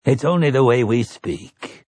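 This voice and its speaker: A man voicing an earnest middle-aged priest who talks quickly and a little pleadingly. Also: medium pitch, lively intonation, a little mellow, dry recording, pitched above the performer's own voice.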